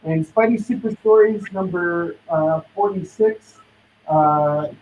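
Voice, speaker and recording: Speaking slowly in a high voice with a darkish tone, a man hosts a live comic book sale, going over titles and prices with hustling sales patter. Slight background noise is present, and the audio is distant, dull, lo-fi stream sound.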